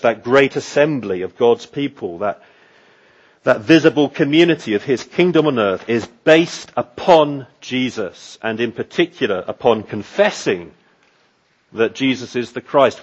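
A man delivers a sermon in a slow, deliberate way, leaning hard on repeated phrases for emphasis. His voice is slightly husky and sits in a middle register. The recording is muffled and lo-fi. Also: mid-range voice. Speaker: pastor.

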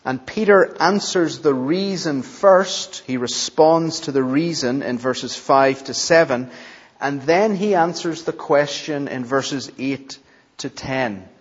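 Man preaching, slow and deliberate, emphatic, repeats key phrases, long church reverb, dull recording. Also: mid-range voice, breathy edge. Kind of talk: expository sermon.

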